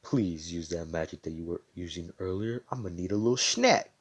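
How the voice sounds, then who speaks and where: A greedy, mocking villain, put on by a storytelling man, who jumps to a shrill, loud yelp when rattled. When he is in control he drops back to a smug, slow drawl. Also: slightly rough. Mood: smug, menacing. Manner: mocking, repetitive and demanding. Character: taunting, greedy male villain with a hunger for magic.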